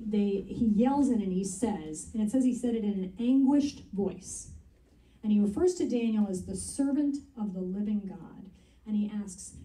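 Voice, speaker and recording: Her medium-pitched, mellow voice carries through a church sanctuary, picked up at a distance with roomy acoustics. She's a woman pastor preaching a sermon, reading scripture and explaining it earnestly in a conversational style.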